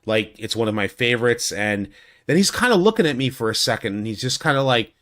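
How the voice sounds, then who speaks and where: A man's voice: big pitch swings, a little fast, a bit bright. A man giving a casual, rambling video recap of a fan convention, talking into a studio USB microphone. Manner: rambling, with many restarts and likes; acts out quotes in a much higher voice. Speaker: YouTube host recapping a convention. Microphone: USB studio condenser mic.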